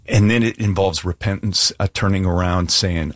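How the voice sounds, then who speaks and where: A man's voice: low voice, steady tone, moderate pace, hardly any pauses, no room sound, studio quality. A male pastor preaching an earnest, emphatic sermon and altar call, plain-spoken with casual asides.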